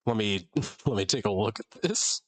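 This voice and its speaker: A young man running a tabletop game as dungeon master, chatty and halting, with frequent fillers and laughs. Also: lowish voice, expressive.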